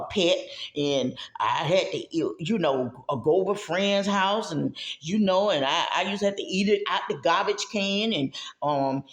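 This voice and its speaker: A woman's voice: lowish voice, roomy sound. A woman giving a motivational talk about mental health, with a preachy, emphatic manner that speaks straight to the listener.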